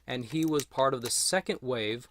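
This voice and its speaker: Over a noisy background, a medium-pitched man speaks at a moderate pace as he unboxes and reviews a toy figure. His commentary to the camera is relaxed and chatty while he handles it.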